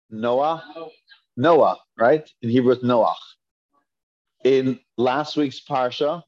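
A man's voice: mid-range voice, a little mellow. A man teaching a Hebrew reading lesson, patiently repeating and drilling each pronunciation for his students. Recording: dull lo-fi classroom recording.

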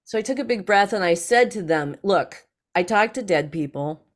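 A woman guest on a podcast interview, telling stories in an animated way and acting out other people's lines. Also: medium pitch, moderate pace. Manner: animated, acts out others in lively quotes.

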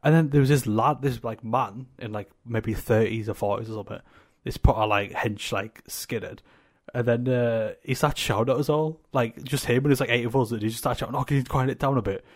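A man's voice: medium pitch, steady tone, a little fast. A young man, co-hosting a podcast in casual, sweary, rambling chat. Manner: sweary, rambling, laughs often. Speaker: podcast co-host.

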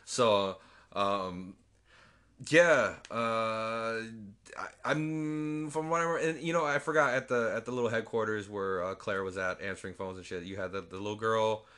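A man's voice: fairly low pitch, measured pace, sharp tone. A man casually recapping a film, rambling and swearing as he acts out scenes. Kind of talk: casual movie recap chat.

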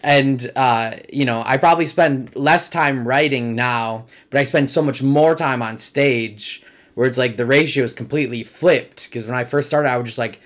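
A young man from Michigan chats on a comedy podcast, rambling loosely from one story to the next with "like" all through. His voice sits at an ordinary middle pitch, neither high nor low. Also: moderate pace. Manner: loose, rambling, says "like" often. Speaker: guest comedian. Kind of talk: casual podcast chat.

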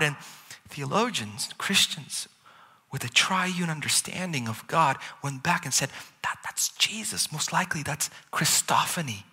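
A man preaching a sermon as pastor, lively and playful, with chuckles and asides to the congregation. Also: a little high, normal speed, slightly rough. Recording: long hall reverb.

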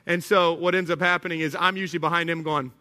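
Animated pastor with bright voice. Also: male voice, a little high, fast talker. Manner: conversational, animated, acts out little scenes. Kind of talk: sermon.

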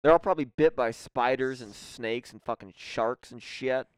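A man's voice: medium pitch, moderate pace, clear, resonant tone. A young man from Nebraska in casual group chat, telling rambling, profane stories as a podcast co-host. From Nebraska, USA. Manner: rambling, profane, lively storytelling.

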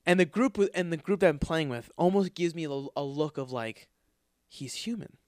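Guy ranting and swearing through a story, voice a bit high, dry sound no room. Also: a little fast, dry recording. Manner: profane, animated ranting with frequent swearing. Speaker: podcast host. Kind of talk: casual storytelling monologue.

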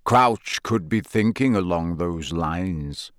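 A man voicing a gruff, grim older male wizard who talks slowly and mutters. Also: a little high, sing-song, a bit bright, dry recording, studio quality, exaggerated voice. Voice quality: gruff, growling. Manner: slow, muttering.

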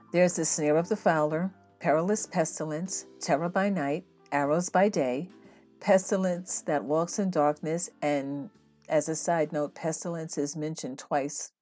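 Woman, podcast host, earnest devotional teaching, lowish warm voice, steady delivery. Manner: earnest, steady scripture reading.

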